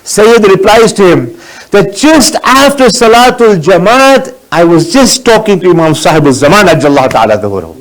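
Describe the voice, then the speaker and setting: A man's voice: sits high, very animated, moderate pace, low-quality recording. A man giving a sermon as a sheikh, earnest and exhorting, mixing in Arabic religious phrases.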